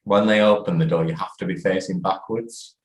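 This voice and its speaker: Deep-voiced podcast host, echoey room. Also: male voice, fairly even intonation, fairly quick. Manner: laughs easily, asks questions. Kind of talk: casual chat.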